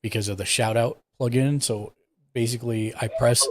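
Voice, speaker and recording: Man calmly walking through streaming setup. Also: medium pitch, moderate pace, a little hiss or hum. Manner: relaxed, explains step by step while clicking around. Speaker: streaming tech support host. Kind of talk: casual live-stream tech walkthrough.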